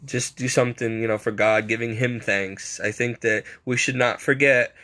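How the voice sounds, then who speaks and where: A man's voice: medium pitch, steady tone, moderate pace, bright, forceful tone. A man giving a casual, rambling faith monologue, poking fun at himself and chuckling as he talks. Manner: rambling, self-mocking storyteller; frequent chuckles.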